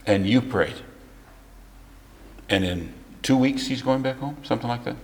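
A man delivering a sermon, mid-pitched and conversational at times, then lifting into emphatic, building declarations. The sound is roomy, with a long hall reverb trailing his words. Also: unhurried. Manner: swings from soft confiding storytelling to rising emphatic preaching. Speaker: pastor.

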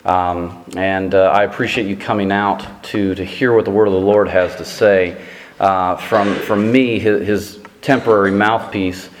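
A man's voice: a little slow, slight background noise. A middle-aged American man preaching a sermon as a visiting preacher, rambling and self-deprecating, with many fillers and restarts. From United States. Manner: gets animated and high-pitched telling a funny story.

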